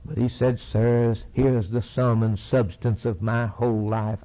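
A man's voice: medium pitch, little pitch movement, unhurried, hardly any pauses, dark tone, highs cut off. A man preaching a sermon, reading scripture aloud and driving points home through repeated phrases.

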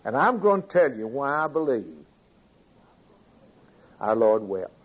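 A man's voice: mid-range voice, big pitch swings, measured pace, slightly rough, poor audio. A man preaching a sermon, reading scripture aloud, commenting on it and putting questions to his congregation.

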